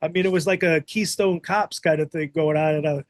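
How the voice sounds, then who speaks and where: A middle-aged man hosting a podcast, telling a backstage story in a casual, animated way, swearing freely and acting out the quotes. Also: a little high, a little fast, dry recording. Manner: animated, profane, acts out quotes. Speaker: podcast host.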